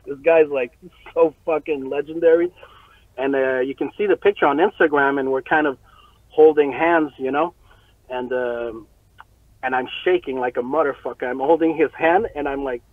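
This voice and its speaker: A man telling a story as an interview guest, profane and animated, often breaking into laughter. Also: a little high, moderate pace, dry recording. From Montreal. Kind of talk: casual storytelling. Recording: tinny phone-like line, very dry.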